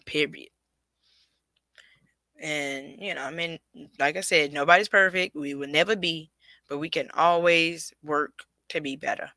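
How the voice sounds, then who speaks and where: A woman's voice: deep voice, steady tone, measured pace, pauses often, pushed and bright, no echo. A woman hosting a solo podcast, talking straight to her listeners in an emphatic, preachy way. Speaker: podcast host.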